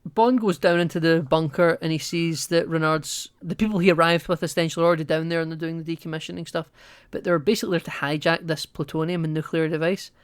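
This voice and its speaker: A man's voice: fairly high pitch, steady tone, quick pace, few pauses, clean tone, no room sound, clean studio sound. A man co-hosting a podcast, casually retelling a film's plot at length. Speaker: podcast co-host. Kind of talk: casual film recap chat.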